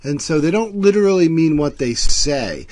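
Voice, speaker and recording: A man's voice: a little high, animated, moderate pace, a little mellow. A male instructor giving a recorded screencast lecture, explaining terms and acting out short everyday example lines. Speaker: college instructor.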